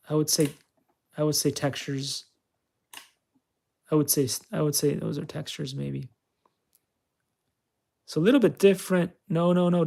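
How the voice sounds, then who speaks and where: A man talks himself through a flight simulator in a loose, joking way, coaching and teasing himself as he plays. His voice sits a little higher than most men's and carries a gravelly edge. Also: a little mellow. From California. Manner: chatty, self-mocking, talks to himself while playing. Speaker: channel host. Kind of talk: casual gameplay commentary.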